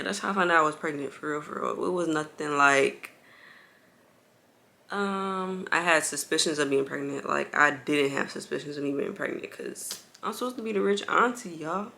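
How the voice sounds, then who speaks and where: Bright, gravelly-voiced young woman vlogging. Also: low voice, moderate pace. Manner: chatty, full of "like" fillers, addresses viewers as y'all; bouncing on an exercise ball while holding a baby. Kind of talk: casual storytelling to viewers.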